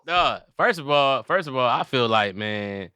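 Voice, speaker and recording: A man hosting a podcast as a comedian, talking casually and acting out bits in loud, animated voices. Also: mid-range voice, unhurried, smooth, dry recording.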